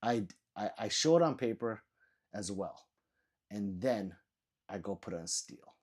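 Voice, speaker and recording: A man's voice: lowish voice, lively intonation, a little slow, a little mellow, slightly rough. A sleepy man live-streaming, ranting with lots of swearing and mocking, then reading chat messages aloud.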